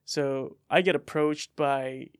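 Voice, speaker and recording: A young man from Indonesia, a guest in a podcast studio, telling his story in a relaxed way with many fillers. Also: on the high side, slow, smooth, no room sound. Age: young adult. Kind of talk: casual interview.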